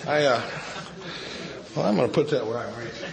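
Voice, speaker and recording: A man's voice: medium pitch, moderate pace, vocal fry, heavy background noise. A middle-aged man from Dallas, telling his recovery story at a retreat in a rambling, joking way with many restarts. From Dallas, Texas. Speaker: AA speaker. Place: retreat meeting room.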